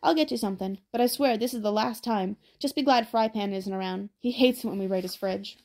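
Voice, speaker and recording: A woman reading the part of a cheeky, chatty young boy who teases and talks briskly. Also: mid-range voice, darkish tone, lightly acted. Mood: teasing.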